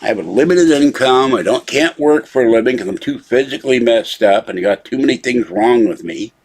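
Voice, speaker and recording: A man's voice: medium pitch, lively intonation, fairly quick, darkish tone, husky. A man hosting his own channel, talking casually at his computer and complaining at length in an irritated, rambling way. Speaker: channel host. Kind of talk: casual live video rant.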